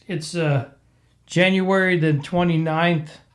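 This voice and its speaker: A man's voice: on the high side, steady tone, slow. A man hosting his own podcast, casually rambling and venting, his voice clogged and cracked from being sick. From American Midwest. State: congested, recovering from illness. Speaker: podcast host. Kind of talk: casual solo podcast chat.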